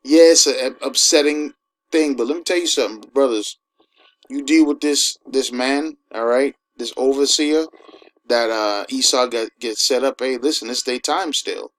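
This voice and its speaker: A man giving an informal sermon, emphatic and conversational, who keeps asking his listeners "all right?" and slows down to read scripture. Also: mid-range voice, fairly bright tone, poor audio. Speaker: preacher.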